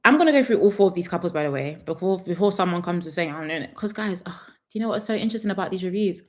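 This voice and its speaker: A woman's voice: fairly low pitch, animated, rapid-fire. A young woman, chatting sassily through a live reality TV review and laughing often.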